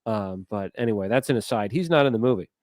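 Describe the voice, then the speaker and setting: A man's voice: on the low side, lively intonation, quick pace, darkish tone, dry recording. A man co-hosting a podcast, chatting casually and wandering into asides while he searches for names. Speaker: podcast co-host. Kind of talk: casual chat.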